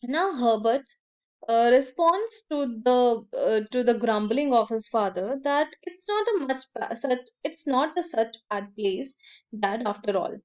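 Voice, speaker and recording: A woman teaching a literature lesson, reading quoted lines from a story and then paraphrasing and explaining them with many pauses and fillers. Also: a little high, lively intonation.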